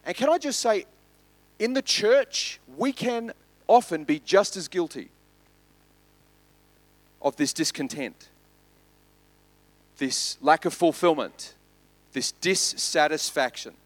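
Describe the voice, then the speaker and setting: A man preaches a sermon with great animation. His voice leaps around in pitch and sits a little high for a man. He moves between loud bursts and quiet, hushed lines. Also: expressive, takes it slowly, pauses often, no echo, low-quality recording. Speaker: pastor.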